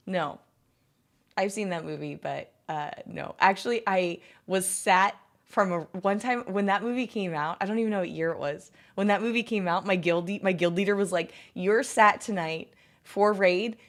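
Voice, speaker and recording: Chatty woman in her thirties, rambling. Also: fairly low pitch. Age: 30s. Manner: rambling, heavy use of "like". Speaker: livestreamer chatting with viewers. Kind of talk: casual stream chat.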